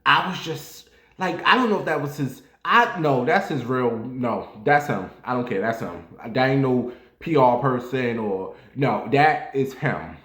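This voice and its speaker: A man's voice: mid-range voice, animated, a little slow, a bit bright. A man chatting casually and crudely to his viewers, with sudden jumps up to playful squeals. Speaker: vlogger. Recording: roomy echo.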